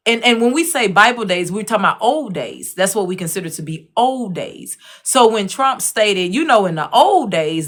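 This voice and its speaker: A woman with a mid-range, fairly bright voice hosts an online show, offering casual opinion commentary. She's conversational, repeatedly checking in with her listeners, and emphatic, repeating phrases for stress.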